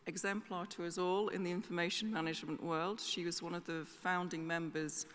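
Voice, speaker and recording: A woman with a lowish voice introduces the next speaker at a conference, pausing often on ums. Her words ring out with a long hall reverb over faint background hum. Her delivery stays formal and halting. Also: steady tone, a bit bright. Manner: hesitant, with many ums. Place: concert hall conference centre. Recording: concert hall reverb with faint ambient noise.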